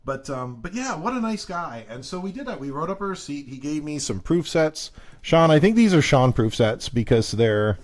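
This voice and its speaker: A man hosting a casual live stream, telling rambling stories and greeting viewers by name with excitement. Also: on the high side, moderate pace. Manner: chatty rambling storytelling. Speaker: live stream coin seller.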